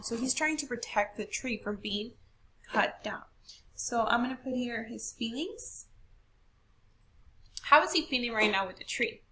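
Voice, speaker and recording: Slow, gravelly-voiced woman teacher. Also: on the high side, bright, forceful tone, a little hiss or hum. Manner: slow, explanatory, stressing words for demonstration. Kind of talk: classroom lesson recorded for students.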